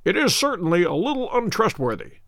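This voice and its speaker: A man's voice: high voice, huge pitch swings, a little fast, fairly bright tone, dry recording, voice pushed up, full character voice. Brief: man voicing a witty, unruffled detective; dry, polite irony, dry close recording. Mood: wry. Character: calm, witty, self-assured male detective.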